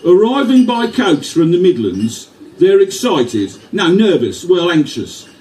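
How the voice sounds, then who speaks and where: A Midlands storyteller with a Brummie lilt, as a man puts it on, carrying rhymed verse along in a higher, sing-song voice. His tone is mellow, and the sound comes from some way off the mic, recorded live in a venue. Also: big pitch swings, unhurried, distant mic, rough recording. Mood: narrating. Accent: put-on Birmingham accent. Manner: lilting, rhythmic verse delivery. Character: Midlands man reading a tender story poem.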